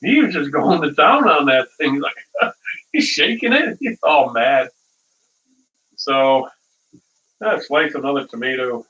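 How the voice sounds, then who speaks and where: A man's voice: fairly high pitch, sing-song, unhurried, long pauses, pushed and bright, muffled recording. A man hosting a casual live cooking stream, rambling through stories and chuckling at his own dad jokes, from a distant mic.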